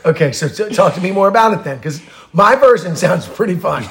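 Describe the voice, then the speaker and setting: A man's voice: high voice, animated, fairly quick, fairly bright tone. A man co-hosting a podcast, joking and riffing animatedly in casual chat. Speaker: podcast co-host.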